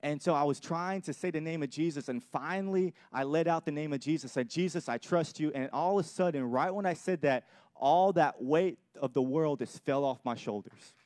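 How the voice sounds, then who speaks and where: A man's voice: fairly high pitch, normal speed, hardly any pauses, darkish tone, no echo, studio quality. A young adult man pastor giving an earnest sermon with personal testimony, often repeating and restarting his phrases. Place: church.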